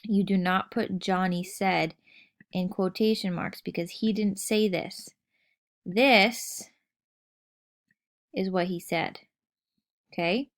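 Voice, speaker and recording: A woman teacher walks through a writing lesson at an unhurried, deliberate pace. Her voice sits at a middle pitch, and she explains each point patiently, often checking in with the listener before moving on. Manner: patient, explains step by step, checks in with "okay?" and "right?".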